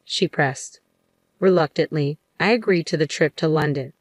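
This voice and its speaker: A woman with a low voice narrates a dramatic first-person story in a measured, even manner. The sound is dry and close to the mic. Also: no room sound.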